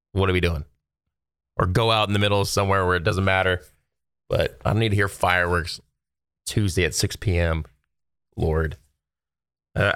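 A man's voice: sits low, fairly bright tone, clear, resonant tone, no echo, studio quality. A man in his thirties, from Texas, talking casually to viewers from home in a rambling, exasperated rant full of fillers. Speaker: solo video host.

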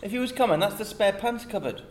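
A man's voice: sits high, lively intonation, fast. Teasing mock-earnest man co-host. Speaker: comedy podcast co-host. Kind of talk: improvised comedy chat.

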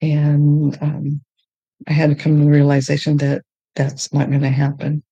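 A woman telling her faith testimony in a podcast conversation, earnest and emotional, often halting and restarting. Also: low-pitched, monotone, warm tone, husky, no echo, highs cut off. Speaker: guest sharing her testimony.

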